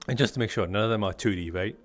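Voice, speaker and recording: A man's voice: lowish voice, racing, soft background music. A man joking and checking details with his fellow players during a VR roleplay stream.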